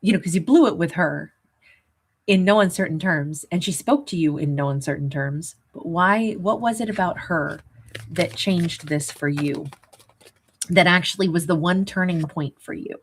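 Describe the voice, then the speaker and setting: A woman's voice: on the low side, normal speed, breathy edge. Woman rambling through a tarot reading. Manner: rambling and conversational, many asides; chuckles at her own jokes. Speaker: tarot reader. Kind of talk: casual tarot reading monologue.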